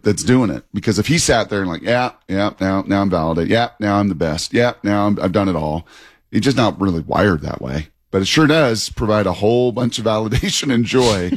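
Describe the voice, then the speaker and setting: A man co-hosting sports talk radio, chatty and animated, laughing as he talks. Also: lowish voice, no room sound, clean studio sound.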